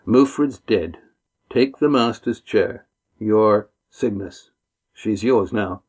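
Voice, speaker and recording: A man voicing a weary, injured sailing master who speaks slowly and gravely. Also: fairly low pitch, darkish tone, highs cut off.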